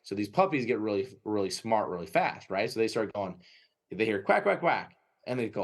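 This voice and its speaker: Animated man telling dog-training stories. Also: lowish voice, a little fast. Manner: animated storytelling, acting out dogs and owners; filler-heavy, frequent "right?" tags. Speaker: dog trainer and breeder, guest. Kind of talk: casual podcast conversation.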